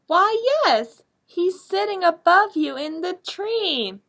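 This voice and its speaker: A woman voicing a cheerful, friendly little firefly in a storybook read-aloud, with a bright, chirpy delivery. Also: very high voice, sing-song, slow pace, pitched above the performer's own voice, full character voice.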